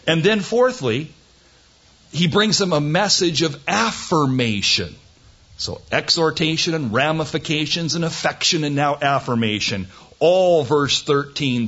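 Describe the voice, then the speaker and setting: A man's voice: medium pitch, a bit bright, lo-fi sound. A man teaching through a Bible passage in a sermon, earnest and folksy, rising to emphatic, incredulous questions. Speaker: pastor.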